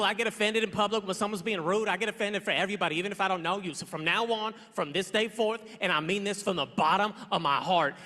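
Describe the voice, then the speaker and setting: A man in his thirties doing a stand-up routine on a large stage, punchy and loud, acting out his quotes. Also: high voice, noisy background. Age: 30s. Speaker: stand-up comedian. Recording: reverberant large hall.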